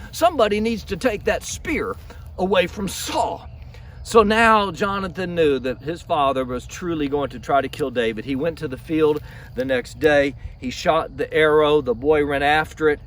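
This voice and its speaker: A man, a pastor telling a Bible story in a lively way outdoors in a field. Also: high voice, unhurried, far from the mic. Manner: lively storytelling with repeated restarts.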